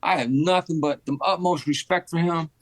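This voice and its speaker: A former boxing champion in his fifties tells lively stories during a casual interview, repeating phrases to drive his points home. His voice is a little high, his speed is normal, and there's no room sound.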